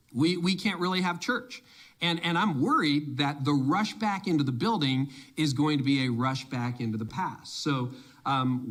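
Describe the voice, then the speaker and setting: Emphatic man giving a conference talk. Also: on the high side. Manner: energetic, emphatic, quick to quote imagined voices. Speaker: church leadership speaker.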